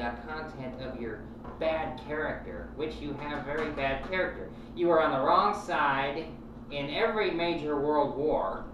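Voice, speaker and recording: A gruff, paranoid talk-radio host, played by a woman who rambles sarcastically and lashes out at callers. The voice sits very low and lands from a distance in a strongly echoing room. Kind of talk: comic talk-radio rant. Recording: very echoey room, distant mic, noisy.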